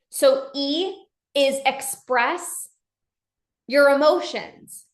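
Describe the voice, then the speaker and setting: A woman's voice: fairly high pitch, a bit bright. A woman giving a motivational talk as a life coach, emphatic, acting out short dialogues in her own voice. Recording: echoey room.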